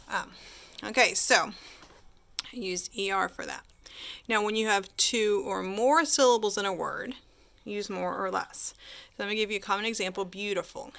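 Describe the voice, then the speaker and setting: A woman's voice: mid-range voice, vocal fry, a bit bright. A woman teacher giving a chatty grammar lesson, asking her class questions and answering them herself.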